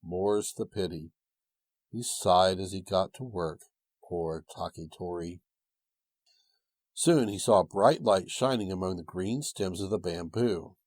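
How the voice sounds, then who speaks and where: A man tells an old tale in a gentle, old-fashioned cadence. His voice is low and slightly husky. The recording is dry and close, with no room around it. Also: unhurried, dry recording. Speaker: storyteller. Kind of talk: storybook narration.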